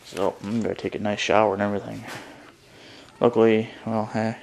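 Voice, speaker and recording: A man's voice: fairly low pitch, flat delivery, creaky, a little mellow, a little hiss or hum. Rambling, cursing man in his garage. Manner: rambling, profane, halting with fillers. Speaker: DIY vlogger. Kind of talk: casual how-to commentary. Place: garage with a car, indoors.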